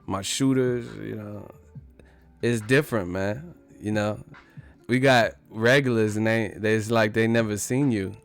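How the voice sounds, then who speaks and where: A man's voice: fairly low pitch, steady tone, measured pace, vocal fry, faint music behind. A man hosting a livestream, chatting casually in a laid-back, slangy, rambling way. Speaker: livestream host. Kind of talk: casual chat.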